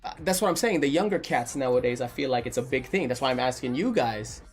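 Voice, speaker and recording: Animated married man hosting a chat. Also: mid-range voice, fast talker, faint music behind. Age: adult, married. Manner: animated storyteller, reads chat messages aloud. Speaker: stream host reading chat. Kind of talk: casual chat.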